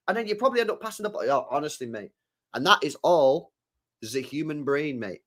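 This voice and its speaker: Reading super chats in a relaxed livestream, this young football channel host speaks with a fairly high, expressive, slightly bright voice at a brisk pace. He tends to repeat phrases and close his lines with "mate" or "bro."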